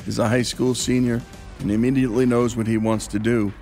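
Brief: male host, smooth upbeat radio delivery, soft music behind. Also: medium pitch, level tone, a little fast. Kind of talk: radio show hosting.

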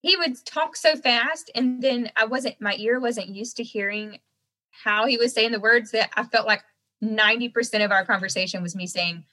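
A young woman with a softened Southern American accent, chatting casually as a guest and laughing often. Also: medium pitch, steady tone, normal speed, rough recording. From Southern United States. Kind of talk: casual chat.

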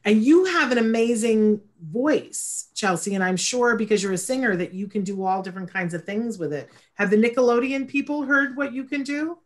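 A woman's voice: a little high, lively intonation, normal speed, few pauses. A woman hosting an interview casually, enthusiastic and full of praise for her guest. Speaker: interview host.

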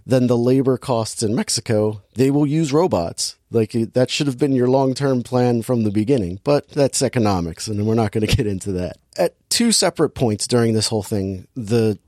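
A man chats through a movie plot in a loose, rambling way, tossing in jokes. His voice sits at a middle pitch and sounds close and dry, right on the mic. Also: animated, moderate pace, hardly any pauses, a little mellow, dry recording. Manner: rambling, jokey, acts out the scenes. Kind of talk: casual movie review chat.

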